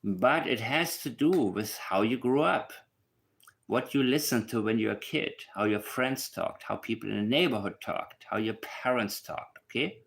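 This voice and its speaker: A man's voice: mid-range voice, moderate pace, gravelly, a bit bright. A man giving casual true crime commentary alone, emphatic and repeating his points for stress.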